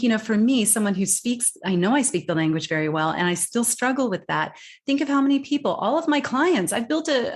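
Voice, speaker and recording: A woman who works as a communication coach, talking in an interview quickly and emphatically, often restarting words and voicing what her clients say. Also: mid-range voice. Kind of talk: interview conversation.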